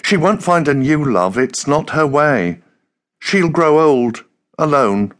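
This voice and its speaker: A man's voice: expressive, slow. A man putting on a sad, wistful young woman. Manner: soft, melancholy, pitched up. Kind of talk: audiobook character voice.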